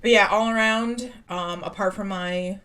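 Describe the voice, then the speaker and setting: A woman's voice: mid-range voice, measured pace. A woman co-hosting a podcast, telling a rambling travel story in casual chat with lots of "like"s. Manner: rambling animated storytelling, many "like"s. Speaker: podcast co-host.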